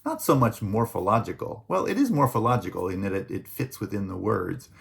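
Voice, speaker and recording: A man's voice: lowish voice, big pitch swings, a little fast, vocal fry. A man giving a recorded linguistics lecture, talking through examples with many fillers and restarts and checking in with "right?".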